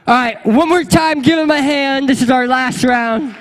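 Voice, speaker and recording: A male pastor giving a lively, playful sermon, leading his congregation in a meowing game before telling a story. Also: very high voice, moderate pace, slight background noise. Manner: playful, energetic, leads the crowd in a meowing game. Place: church sanctuary before a congregation.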